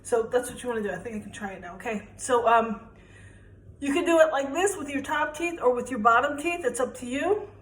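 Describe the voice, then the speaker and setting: A woman's voice: sits high, lively intonation, a little fast, reverberant, poor audio. A young woman chatting casually and rambling a little as she shows how to cook at home. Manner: chatty, rambling, self-deprecating. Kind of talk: casual cooking demonstration. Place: home kitchen.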